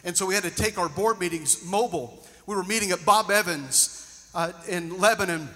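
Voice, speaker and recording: A male pastor preaching a sermon, moving between loud emphatic lines and hushed storytelling. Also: sits high, normal speed. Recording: long reverb of a large hall.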